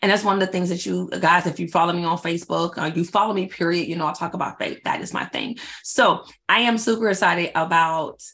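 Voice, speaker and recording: A woman in her forties, a faith-based life coach, chatting casually and excitedly to her followers, repeating herself for emphasis and calling them y'all. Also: on the low side, a little fast, creaky, hardly any pauses. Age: 40s. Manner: slangy, addresses audience as y'all. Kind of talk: casual announcement chat to followers.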